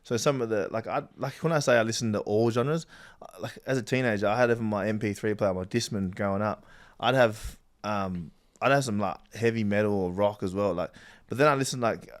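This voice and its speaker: A man's voice: on the low side, brisk. An Australian man from Western Australia, a footballer guest telling stories in casual chat and laughing often. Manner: chatty storyteller, laughs often.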